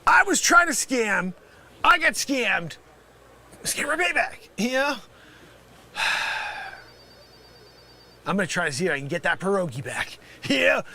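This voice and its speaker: A brash male scam caller who shouts insults and then drops to a mutter, played by a man in a comedy sketch. His voice sits very high and lively, swooping up and down. The tone is bright and cutting, with faint hiss underneath. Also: unhurried, pauses often, heavily acted. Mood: deflated. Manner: yelling, insulting, swings from loud to mumbled.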